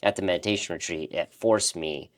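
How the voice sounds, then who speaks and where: A man's voice: low-pitched, brisk. A man co-hosting a casual talk, earnestly telling a personal story and acting out remembered conversations. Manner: earnest, reflective, acts out remembered dialogue. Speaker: life coach and podcast co-host.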